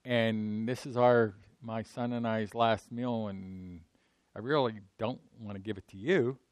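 Man putting on a hesitant poor widow, soft, slow, weary, low and hushed. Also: fairly even intonation, dry recording, clean studio sound, lightly acted. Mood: reluctant.

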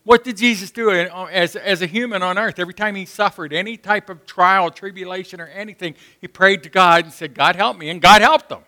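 Guy preaching hard, bright piercing voice, gets shouty acting out prayers. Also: sits high, fairly even intonation, fairly quick, hardly any pauses. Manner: impassioned, rising to shouts when quoting prayers. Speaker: pastor. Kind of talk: sermon.

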